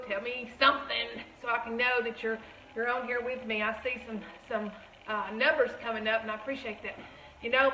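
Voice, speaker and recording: Folksy Southern woman hosting a live baking stream; chatty, bright, in a roomy kitchen. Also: on the high side, slight background noise. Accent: Southern American. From Tennessee. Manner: chatty, folksy, greets viewers by name. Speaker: shop owner hosting a live cooking stream. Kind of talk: casual live cooking chat.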